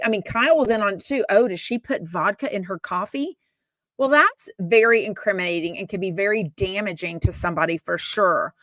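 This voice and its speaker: A woman's voice: mid-range voice, sharp tone, dry recording. A woman from Texas, hosting a podcast in a blunt, chatty, opinionated way with casual swearing. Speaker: podcast host. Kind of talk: casual gossip commentary.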